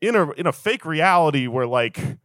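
A man's voice: on the high side, expressive, moderate pace, fairly bright tone, no echo. A young man doing a stand-up comedy set, rambling and swearing through an exasperated rant on a handheld stage mic.

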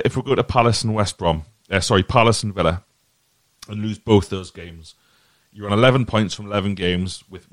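A low-pitched man hosts a laid-back football podcast, recorded without echo. He rambles through his sincere opinions and frequently repeats himself.

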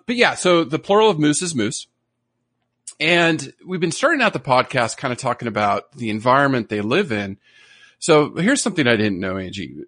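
A man's voice: medium pitch, gravelly, fairly bright tone, no echo, studio quality. A man co-hosting a podcast in casual chat, enthusiastic and nerdy, rambling a bit as he explains things. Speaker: podcast co-host.

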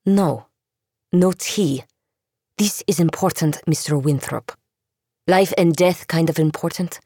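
A woman's voice: deep voice, slow, mellow, no room sound, studio quality, heavily acted. A woman voicing a desperate, fierce young female agent who speaks urgently and sharply.

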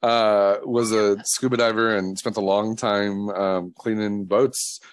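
A man's voice: on the low side, little pitch movement. A man co-hosting a podcast, chatting casually and teasing his co-host with jokes. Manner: teasing, joking, quick to laugh. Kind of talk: casual chat.

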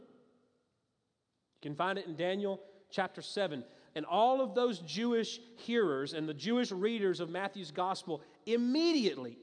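A man preaching a sermon as a pastor, talking in a conversational and emphatic way, with frequent restarts and asides. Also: sits high. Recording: long reverb of a large hall.

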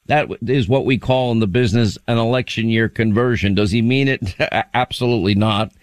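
A man's voice: mid-range voice, a little fast, no echo. Dry-voiced radio host man, mocking. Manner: mocking, laughs at his own points. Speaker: radio talk show host. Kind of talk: casual political talk radio.

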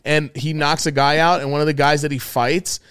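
A man's voice: fairly high pitch, brisk, clear, resonant tone. A man from New York co-hosting a podcast, telling rambling, profane stories in casual chat. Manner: profane, rambling, animated storytelling. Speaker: podcast co-host.

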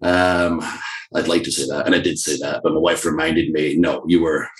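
A man with a Scottish accent, a wrestler telling stories in an interview, animated and laughing often. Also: rumbling low, normal speed. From Scotland. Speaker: guest, professional wrestler. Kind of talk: casual interview talk. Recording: roomy echo.

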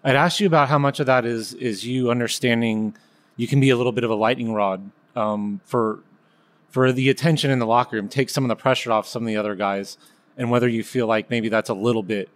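A man's voice: medium pitch, steady tone, a little fast. A man interviewing a guest, asking long, hesitant questions.

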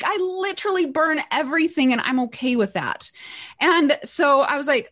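A middle-aged woman who co-hosts and runs a business, telling stories in an excited, animated way. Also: high voice, moderate pace. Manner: excited, animated storytelling with laughs. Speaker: podcast co-host and business owner. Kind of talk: casual chat.

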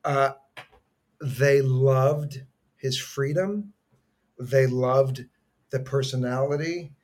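A man, an actor, telling a story in a casual, animated way as a guest. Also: medium pitch, extremely slow.

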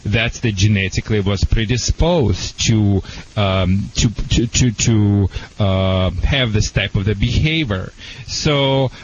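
A man's voice: lowish voice, takes it slowly, few pauses, a little hiss or hum. European-accented man giving pet advice. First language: not English. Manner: earnest, explanatory, broken English phrasing. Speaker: pet behaviorist on a call-in radio show. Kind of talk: call-in radio advice. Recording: slightly dull radio broadcast sound.

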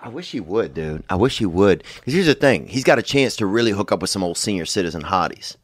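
A man's voice: low-pitched, very animated, quick pace, no room sound, studio quality. A man chatting as a podcast guest, joking loosely with lots of swearing. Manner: profane, joking, laughs often. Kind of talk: casual chat.

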